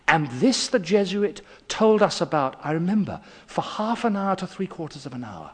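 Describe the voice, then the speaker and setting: A husky, slightly high-pitched Englishman lecturing in an echoey hall. His voice rises and falls widely as he tells his stories. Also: normal speed. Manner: expressive storyteller, pitch swinging widely. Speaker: guest lecturer. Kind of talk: evening lecture on poetry.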